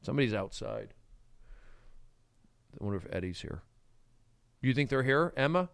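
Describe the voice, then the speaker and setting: Brief: male livestream host, erratic, lively pitch, dry close phone sound, talks to viewers. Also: normal speed, creaky, no echo. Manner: erratic, swings between shouting and mumbling. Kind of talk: rambling solo livestream chat.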